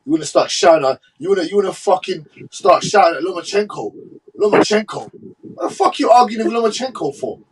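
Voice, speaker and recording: A man's voice: high voice, lively intonation, a little fast, recorded from a distance, a little hiss or hum, poor audio. A man, ranting about boxing in a heated, profane way. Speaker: boxing podcast co-host. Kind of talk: casual chat.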